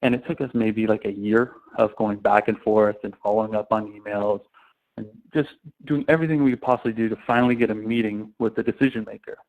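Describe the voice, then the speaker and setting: A man as a sales trainer, telling anecdotes in a casual, animated way. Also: on the low side, fast talker. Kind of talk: storytelling talk. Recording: tinny phone-like sound.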